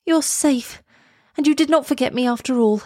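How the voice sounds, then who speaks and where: Storybook: woman reading as a young blind girl, high and breathless, anxious questions, dry close sound. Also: moderate pace, mellow, no echo. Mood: eager, anxious. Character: gentle young blind girl, eager and worried.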